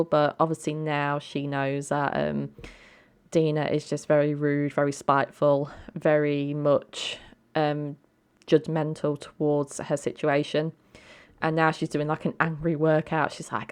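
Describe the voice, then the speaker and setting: Woman, low voice, chatty let's-play narration, many ums. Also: completely flat delivery, unhurried, darkish tone, clear, resonant tone. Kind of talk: casual game commentary.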